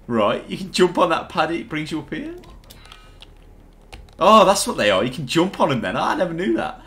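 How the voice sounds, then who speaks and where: A young man co-hosting a game playthrough, chatting excitedly and swearing as he plays. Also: on the high side, normal speed, long pauses, faint music behind. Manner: excitable, swears and laughs often. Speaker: gaming video co-host. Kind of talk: casual gameplay banter.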